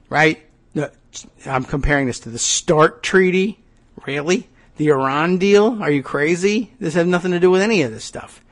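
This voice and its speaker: A man hosting a political talk show, reading from an article and breaking off into sarcastic, incredulous commentary. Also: fairly high pitch. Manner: frequent restarts and fillers when riffing.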